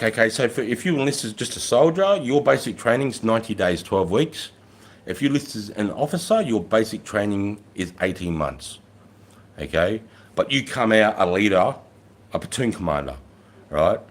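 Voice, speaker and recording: A middle-aged man, a former army sergeant telling blunt, profane war stories on his own livestream. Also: mid-range voice. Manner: blunt and heavily profane, rising loud when quoting himself. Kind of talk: casual storytelling livestream.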